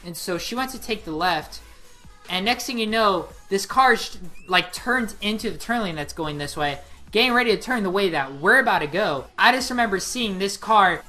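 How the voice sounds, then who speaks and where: Late-teen woman, casual vlog storyteller; bright, punchy tone, rambling and excitable. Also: mid-range voice. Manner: excitable, rambling, heavy use of 'like'. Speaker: vlogger.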